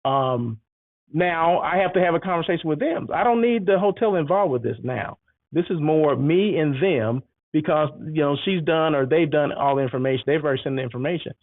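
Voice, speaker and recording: A man talks straight to his audience in a casual monologue, acting out the back-and-forth of a story with lively energy. His voice sits a little high, and the sound is dry and thin like a phone call. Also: fairly quick, dry recording. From United States. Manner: animated storytelling, acts out exchanges. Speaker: host.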